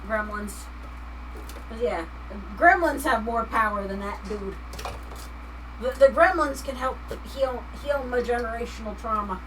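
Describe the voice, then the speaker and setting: A woman with a slightly high voice chats casually to her stream audience, laughing often and reading messages aloud. She talks in a loose, unscripted way while she works. The microphone sits some distance away and picks up a faint background hiss. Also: a little slow, a bit bright. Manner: chatty, laughs often, reads chat aloud. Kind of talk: casual live-stream chat.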